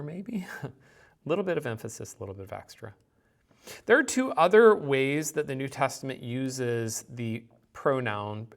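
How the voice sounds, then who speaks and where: Man patiently explaining Greek grammar. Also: mid-range voice. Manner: thinks aloud, explains patiently with examples. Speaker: Greek teacher. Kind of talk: recorded grammar lecture.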